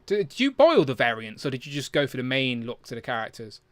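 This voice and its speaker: A man's voice: medium pitch, big pitch swings, fast, no echo. A man hosting a casual live chat about toys, reading viewer comments aloud. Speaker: livestream host.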